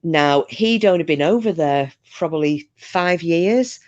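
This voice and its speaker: A woman's voice: sits low, expressive, measured pace, no echo, lo-fi sound. A woman with a Northern English accent, originally from Scotland, hosting a casual chat and telling rambling stories with the odd swear word. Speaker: host.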